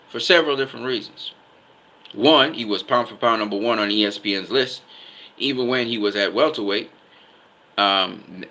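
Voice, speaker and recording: A man's voice: lowish voice, sharp tone, low-quality recording. A man giving casual boxing commentary, emphatic, often repeating himself and stopping to ask "okay?".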